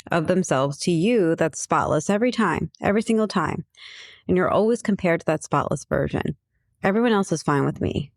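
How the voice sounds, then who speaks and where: Woman, low voice, dry close sound, earnest reflective coaching talk. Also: darkish tone, no echo. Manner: earnest, reflective, repeats key phrases. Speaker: emotional abuse coach. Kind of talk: personal storytelling talk.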